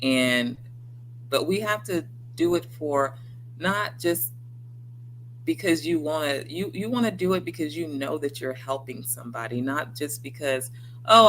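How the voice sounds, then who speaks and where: A woman's voice: deep voice, fairly bright tone, slight background noise, poor audio. A woman hosting a livestream, talking earnestly and encouragingly straight to her viewers and acting out the voices in their heads. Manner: acts out quoted inner voices. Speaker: livestream host. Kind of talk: motivational livestream talk.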